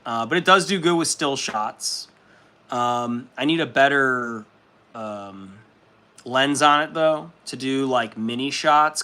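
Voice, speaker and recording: A man's voice: mid-range voice, bright, forceful tone. A young man hosting a hobby livestream, chatting casually with viewers, laid-back, laughing often and swearing freely. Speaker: livestream host. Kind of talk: casual chat reading viewer comments.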